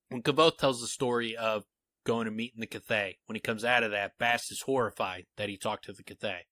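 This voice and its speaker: Here a male podcast co-host speaks at medium pitch, recorded without any room sound. He's excited to walk through a fantasy book theory in relaxed chat, reading quotations aloud with animated energy.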